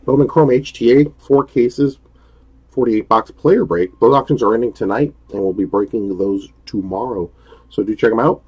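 A man's voice: medium pitch, normal speed, darkish tone, husky, muffled recording. A man hosting a live-streamed trading card break, chatty and upbeat, greeting viewers by name as he opens packs.

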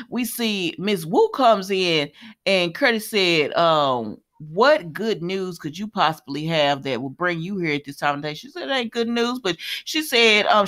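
A woman with a slightly low voice retells a soap episode in casual, colloquial chat. She breaks in with her own wry asides and speaks straight to her viewers. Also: a bit bright. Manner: chatty, retells scenes with running commentary and laughs; colloquial, addresses viewers as y'all. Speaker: soap opera recap host.

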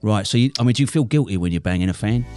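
A man playing a crude, brash middle-aged hardman, co-hosting a comic interview with deadpan swearing boasts. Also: fairly low pitch, racing, close to an everyday voice. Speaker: co-host.

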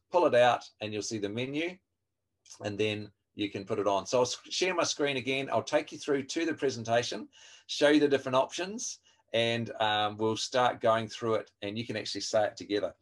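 Speaking through a video call mic in an ordinary middle pitch, a man teaches an online training webinar. His delivery is friendly and chatty, loaded with fillers, restarts, and asides to the group.

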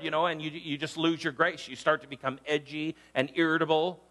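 Conversational man preaching a casual sermon. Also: brisk. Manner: conversational, animated, acts out quotes in higher voices. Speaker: pastor.

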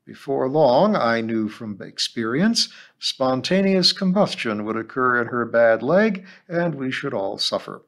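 Read as a man hosting a book reading: keep the pitch moving and lively, at an ordinary middle pitch, telling the story with expression. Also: a little slow, hardly any pauses. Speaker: host reading a novel aloud. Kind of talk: reading a novel aloud.

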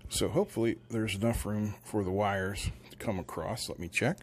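A man's voice: fairly low pitch, moderate pace, background noise. A man hosting a hobby channel, talking casually through a build while joking and thinking aloud. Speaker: electronics hobby channel host.

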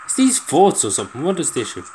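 A man's voice: fairly high pitch, huge pitch swings, quick pace, darkish tone, slight background noise. A man giving casual let's-play commentary, exasperated and pleading, swearing often as things go wrong. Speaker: gameplay commentator.

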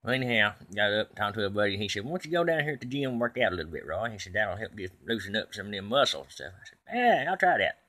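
A man's voice: lowish voice, lively intonation, very fast, pushed and bright. A man telling a comic tall tale in a folksy, rambling way. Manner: folksy, tall-tale telling, quotes others in his own voice. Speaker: comedic storyteller. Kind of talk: comedic monologue.

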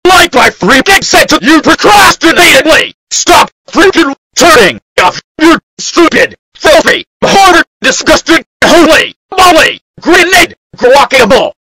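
A man playing a furious cartoon dinosaur who yells without pause, spitting out chains of nonsense words. The voice is extremely high and piercingly bright, hammering every phrase. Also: animated, dry recording, heavily acted, low-quality recording. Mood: ranting. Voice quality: high, bright, shrill yelling TTS-style voice. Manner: screaming long strings of nonsense insults. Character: furious purple dinosaur error character, male, ranting nonstop. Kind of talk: fan-made text-to-speech error video.

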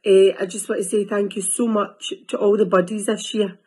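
A woman speaks in a husky, breathy voice that wavers as she holds back tears. She talks softly and haltingly, a teacher and mum recording a heartfelt thank-you. Her pitch sits in a middle range. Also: little pitch movement. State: tearful, voice close to crying. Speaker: teacher and parent. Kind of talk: recorded farewell message.

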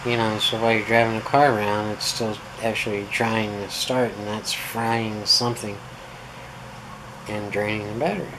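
A man's voice: lowish voice, level tone, moderate pace. A man, a pool instructor, talking in a casual, rambling vlog with wry, self-mocking asides. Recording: air-conditioner hum behind.

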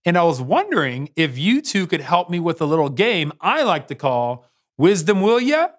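A man's voice: a little high, sing-song, moderate pace. Playful man hosting a kids' game. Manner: playful, teasing quizmaster. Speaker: children's church game host. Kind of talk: lively kids' lesson game show.

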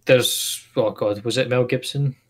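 A man with a mid-range voice chats on a podcast. He tells stories in a relaxed, easygoing way and laughs easily along the way. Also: medium pitch, unhurried. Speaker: podcast co-host. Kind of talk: casual chat.

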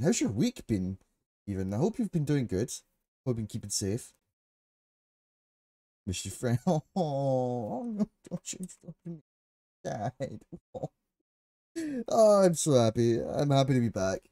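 Excitable, laughing male streamer, lively pitch. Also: no echo. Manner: laughs often, swears casually; excitable and chatty. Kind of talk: casual live-stream chat.

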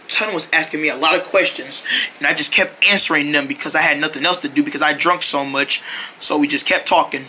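Male storyteller, high and very bright, playful run-on story skit. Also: brisk, a little hiss or hum. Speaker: storyteller voicing a character. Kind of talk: rambling first-person story skit.

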